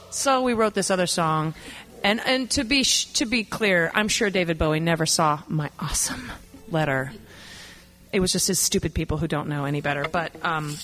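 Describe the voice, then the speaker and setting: A woman's voice: medium pitch, fairly quick, fairly bright tone, a little hiss or hum. A woman singer and performer, telling a candid, profane, self-mocking story to an audience between songs.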